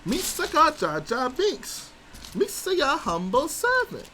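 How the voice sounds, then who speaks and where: A man's voice: extremely high pitch, huge pitch swings, slow, sharp tone, a little hiss or hum, pitched above the performer's own voice, exaggerated voice. A man putting on the voice of a goofy, clumsy male alien sidekick, in broken sing-song pidgin.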